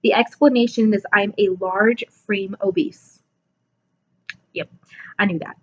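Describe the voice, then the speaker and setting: A woman's voice: medium pitch, steady tone, measured pace, highs cut off. A woman in her twenties talking casually to camera about her fitness numbers, chatty and self-deprecating, yawning and a bit sleepy. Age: 20s. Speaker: vlogger. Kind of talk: casual self-assessment vlog.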